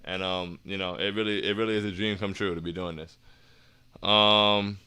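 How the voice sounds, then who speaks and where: A young man hosting a casual fan livestream, reading chat comments aloud in slangy, hyped talk that sometimes turns soft and earnest. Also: deep voice, steady tone, normal speed, clean tone.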